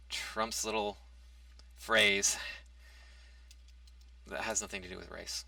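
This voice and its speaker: Male commentator, low gravelly voice, hesitant restarts, dry recording from a distance. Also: steady tone, a little slow, pauses often, pushed and bright, no room sound. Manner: argumentative, reads out a topic then rebuts it. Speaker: commentary vlogger. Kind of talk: casual opinion monologue.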